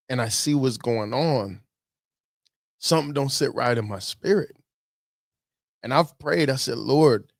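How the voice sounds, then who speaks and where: A man's voice: mid-range voice, gravelly, dry recording, studio quality. A man giving fervent, preachy commentary, getting teary-eyed and repeating himself for emphasis. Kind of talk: emotional commentary.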